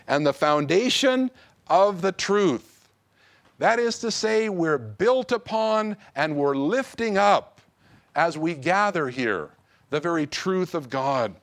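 A man preaching a sermon to his congregation, slow and emphatic. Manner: slow, emphatic preaching with wide swings of pitch. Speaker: pastor.

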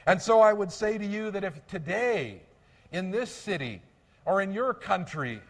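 A man preaching a sermon in an earnest, measured way, slowing down to stress key phrases. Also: high voice, expressive, in a large hall. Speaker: pastor.

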